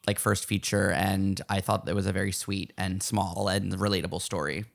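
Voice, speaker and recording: A woman co-hosting an interview with relaxed, easygoing remarks. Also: rumbling low, normal speed, gravelly. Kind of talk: casual interview chat.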